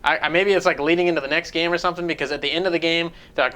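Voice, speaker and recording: A man's voice: a little high, steady tone, rapid-fire, pushed and bright. A man casually reviewing a video game, rambling, swearing and jumping between points.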